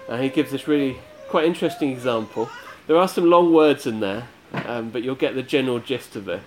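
A man's voice: mid-range voice, a little fast. Male preacher, earnest sermon delivery, emphatic repetition, faint room noise. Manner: earnest, emphatic with repeated phrases.

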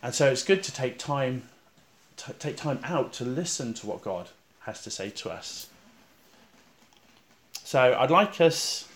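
A male preacher leading a guided scripture meditation, speaking calmly and reflectively with slow pauses, going soft and quiet on repeated verses. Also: medium pitch, slight background noise.

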